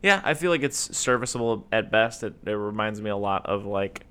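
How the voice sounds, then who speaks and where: A man co-hosting a podcast, chatting casually about a film and rambling with fillers and quick acted-out quotes. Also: fairly low pitch, lively intonation, sharp tone, clear, resonant tone. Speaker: podcast co-host. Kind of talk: casual movie discussion.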